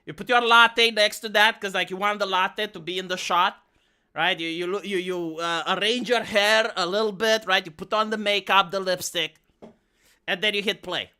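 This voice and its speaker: A man's voice: high-pitched, fairly even intonation, moderate pace, pushed and bright, smooth. A man live streaming, talking casually and sarcastically to his chat with frequent stammered restarts. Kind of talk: casual rambling stream talk.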